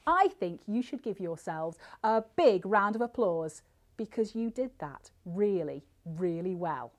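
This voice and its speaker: A female librarian leading a children's singalong storytime, speaking expressively with gasps and exaggerated reactions for young viewers. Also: medium pitch. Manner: gasping, expressive, slow and theatrical for little kids.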